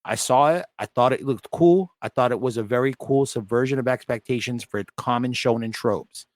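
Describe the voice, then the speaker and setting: A man co-hosts a casual podcast, ranting bluntly and swearing freely. His voice sits at a middling pitch. The sound is dry and close. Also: moderate pace, no room sound. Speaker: podcast co-host. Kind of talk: casual chat.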